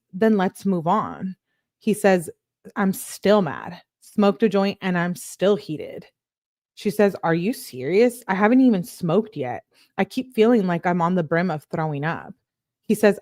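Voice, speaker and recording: Low-voiced woman reading text messages. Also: a little mellow, no room sound, clean studio sound. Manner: plain reading with casual asides, says "like" often. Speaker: true crime channel host.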